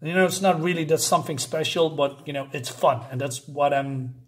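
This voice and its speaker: A man's voice: fairly high pitch, brisk. A man reviewing a comic in a casual, hesitant way with many fillers and restarts.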